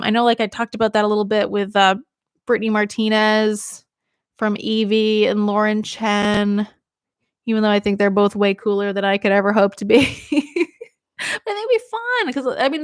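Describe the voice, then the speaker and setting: A young woman from Maine who works as a radio DJ, chatting on a livestream in a loose, rambling way. She's a little tipsy from drinking and laughs easily. Her voice sits at an ordinary pitch and sounds dry and close, with no room around it. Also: clear, resonant tone, dry recording. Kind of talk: casual livestream chat.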